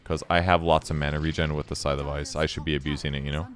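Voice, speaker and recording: Very deep-voiced relaxed male commentator. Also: fast talker. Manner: relaxed, self-critical, explains his choices. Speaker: video game commentator. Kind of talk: casual replay commentary.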